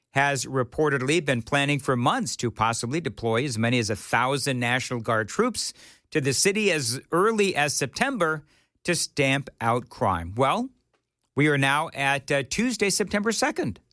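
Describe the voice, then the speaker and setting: A man's voice: on the high side, pushed and bright, no room sound, studio quality. A man hosting a morning talk radio show, opinionated and joking. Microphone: studio mic.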